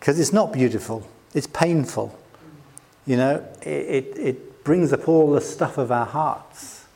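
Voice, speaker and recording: A man's voice: mid-range voice, measured pace, vocal fry, warm tone. A middle-aged British man preaching a sermon, with a conversational, self-deprecating manner and frequent laughs. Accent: British English. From Britain. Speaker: pastor.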